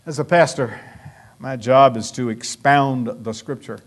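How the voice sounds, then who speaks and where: A man's voice: mid-range voice, measured pace. A male pastor delivering a sermon, emphatic and full of rhetorical questions to the congregation.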